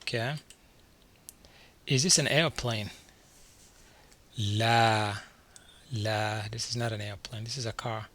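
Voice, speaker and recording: A man teaching a beginner vocabulary lesson from slides, saying each word twice and slowly before asking what it means. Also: on the low side, steady tone, a bit bright. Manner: repeats each word slowly, then quizzes the listener. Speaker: language teacher.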